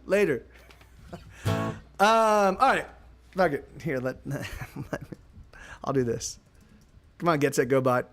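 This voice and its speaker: A man streaming live from a home studio, singing his own songs with a guitar, then chatting with viewers in a stammering, laughing way. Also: on the high side.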